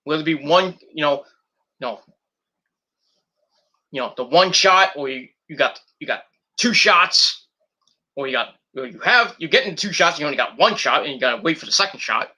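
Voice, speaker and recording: Male podcast host, casual profane rant, bright sharp tone, animated delivery. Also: fairly high pitch, normal speed, long pauses. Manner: blunt and profane, with frequent fillers. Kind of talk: casual ranting monologue. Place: at home at night, indoors.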